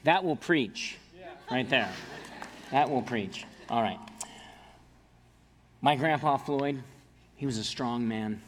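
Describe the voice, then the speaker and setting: A man preaching a sermon as a pastor, earnest, telling family stories and dropping to quiet emphasis on key points. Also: mid-range voice, slow, long pauses, big-room sound, slight background noise.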